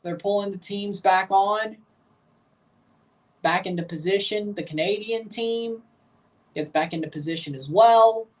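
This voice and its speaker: A man's voice: sits high, a little slow, pauses often. Rambling young man calling a match live. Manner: rambling, jokey, chats to viewers. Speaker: watchalong streamer. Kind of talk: live match-reaction commentary.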